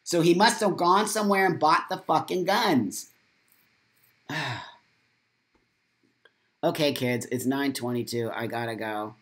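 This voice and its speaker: A man's voice: on the high side, a little slow, long pauses, a bit bright. An American man hosting a morning live stream, angry and saddened, talking with blunt, profane, repetitive emphasis while reading out viewer comments. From United States. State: upset and saddened.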